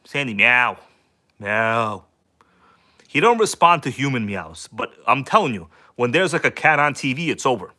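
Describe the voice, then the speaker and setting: A man's voice: mid-range voice, sing-song, brisk, hardly any pauses, pushed and bright. A man hosting a casual hobby livestream from home, talking loosely and joking with viewers. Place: at home, kitchen table.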